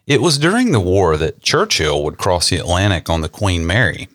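A man's voice: low voice, very animated, normal speed, fairly bright tone, dry recording, studio quality. A young man co-hosting a podcast, reading history facts and joking about them. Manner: joking, reads facts then riffs. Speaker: podcast co-host. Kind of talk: casual chat and read history.

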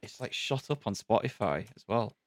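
A man's voice: fairly low pitch, lively intonation, moderate pace, slight background noise. A man on a podcast panel chatting casually, hesitant with many fillers. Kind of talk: casual chat.

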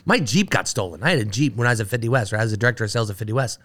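A man's voice: lowish voice, animated, rapid-fire, a bit bright. A man on a casual chat show, telling a long story full of asides and acted-out quotes. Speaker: guest, brewer.

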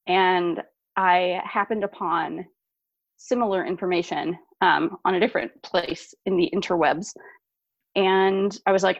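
A woman with a lowish voice tells her story as a guest on an interview show, animated and quick to laugh. The sound is dull and a little lo-fi, with a dry, close feel. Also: no echo. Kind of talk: podcast interview.

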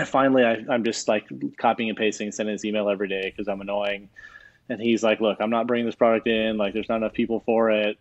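A man's voice: fairly low pitch, fast talker, no echo, dull audio. A man, a chef from Hawaii, telling a story in a casual interview and acting out what other people said. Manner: animated storyteller who acts out other people's lines. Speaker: chef and guest.

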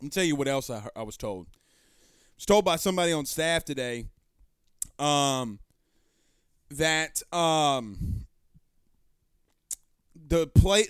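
A man hosting a sports talk stream, reading viewer comments aloud and answering them in a loud, passionate, blunt way with some swearing. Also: on the high side, clean tone, dry recording, studio quality. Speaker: sports show host. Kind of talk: live-stream chat reading.

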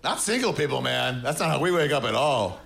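A man doing a stand-up comedy set in front of a live audience, with a deadpan, sarcastic delivery. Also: medium pitch, brisk, gravelly. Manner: deadpan, sarcastic, mocking voices of others.

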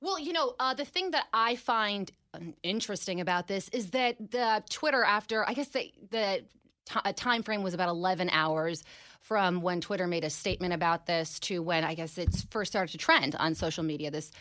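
A woman's voice: lowish voice, fairly bright tone, no room sound. A breathless woman, a guest in a radio studio, talks over a close, dry microphone. She keeps the talk casual and laughs easily. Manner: breathless, apologetic, quick to laugh.

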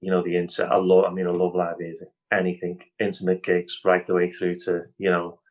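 Deep-voiced and darkish in tone, a Liverpool man with a Scouse accent speaks briskly with completely flat delivery as an improv comedy guest in a casual video-call interview. He rambles with lots of fillers and restarts, laughing easily, over poor audio.

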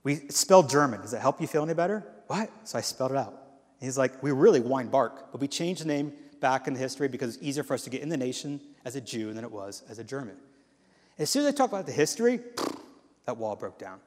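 A man's voice: mid-range voice, fast talker. Man preaching in an echoing hall. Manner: animated storytelling with quoted voices. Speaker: guest speaker. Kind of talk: sermon. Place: church hall. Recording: long hall reverb.

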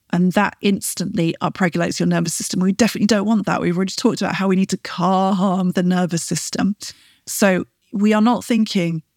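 A woman podcast host coaching her listeners, guiding them through slow breaths and encouraging them often with a quick "right?". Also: fairly low pitch, steady tone, darkish tone, dry recording, clean studio sound. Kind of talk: coaching talk with guided breathing.

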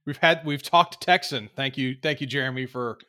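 A man's voice: medium pitch, normal speed, pushed and bright, clear, resonant tone. A man co-hosting a podcast, telling easygoing anecdotes in casual chat. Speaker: podcast co-host.

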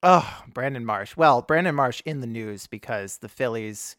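A man guesting on a podcast, chatting casually, animated and laughing often. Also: medium pitch, moderate pace, no room sound, studio quality. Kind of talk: casual comedic chat.

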